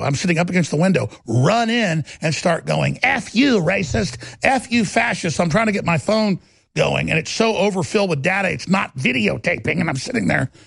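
Gravelly high-pitched ranting man. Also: dry recording. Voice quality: gravelly, raspy. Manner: ranting, mocking, acts out others' voices. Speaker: talk show host. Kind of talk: heated monologue.

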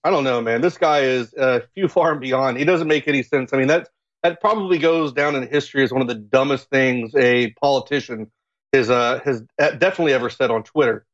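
A male guest from Florida on a political talk show, speaking haltingly with many restarts. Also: mid-range voice, lo-fi sound.

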